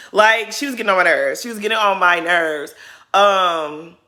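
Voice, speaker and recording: A woman's voice: mid-range voice, normal speed. A woman giving casual, shady commentary on a reality show, ranting with sass. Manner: sassy, shady, animated ranting.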